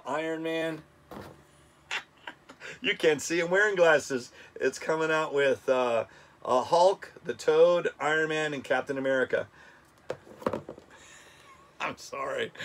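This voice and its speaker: A man's voice: medium pitch, fairly bright tone, a little hiss or hum. Enthusiastic chatty middle-aged man. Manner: enthusiastic, chatty, stumbles over names. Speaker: toy review channel host. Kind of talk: casual toy countdown vlog.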